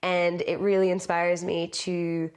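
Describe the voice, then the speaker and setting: A woman's voice: on the low side, a little slow, smooth. A woman from the United States, a podcast guest talking conversationally and acting out quotes as she tells stories. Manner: animated storyteller who acts out quotes. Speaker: podcast guest, lived experience practitioner. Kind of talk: conversational interview.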